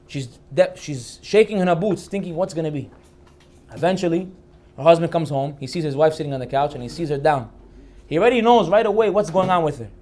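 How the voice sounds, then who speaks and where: Man, rabbi, storytelling sermon, rapid delivery, slightly high voice, acts out characters. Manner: animated storyteller acting out the characters' lines.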